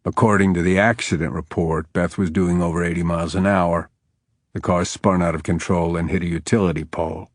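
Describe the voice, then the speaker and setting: A man reading an audiobook in steady, even scripted narration on a close studio mic. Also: sits low, a little fast, no room sound.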